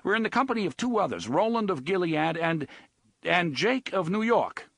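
A man's voice: sits high, big pitch swings, vocal fry, a bit bright, dry recording, studio quality, voice pushed up, full character voice. A man doing a nervous young quester. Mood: urgent. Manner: urgent, halting.

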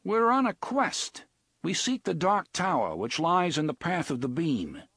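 A man voicing a nervous young man on a quest who speaks urgently and haltingly. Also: a little high, big pitch swings, fairly bright tone, husky, no echo, studio quality, voice pushed up, full character voice.

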